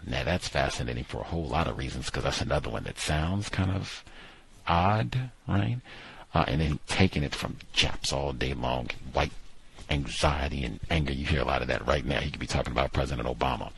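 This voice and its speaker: A man casually discussing a book he is reading aloud from, thinking out loud and pausing with "uh, let's see" as he goes. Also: very deep voice, lively intonation, creaky, slight background noise. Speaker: book commentator.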